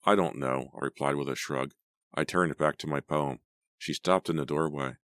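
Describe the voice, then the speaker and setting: A man narrating an audiobook in a measured, even storytelling manner. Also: a bass voice, no room sound, studio quality. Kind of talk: scripted narration.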